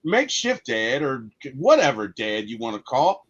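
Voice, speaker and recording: Husky animated man, lively pitch. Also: moderate pace, lo-fi sound. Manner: animated, emotional storytelling. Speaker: podcast co-host. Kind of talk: casual movie discussion.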